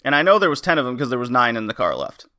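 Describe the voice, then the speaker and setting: Bright-voiced man telling a story. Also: mid-range voice, very fast. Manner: animated, laughs often while telling stories; swears casually. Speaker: podcast co-host. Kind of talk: casual storytelling chat.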